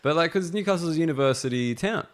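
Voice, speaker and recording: A man's voice: on the high side, lively intonation, fast, crowd noise. Brief: Australian man, easygoing podcast host, jokey banter. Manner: laid-back, joking, says mate. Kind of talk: casual podcast chat.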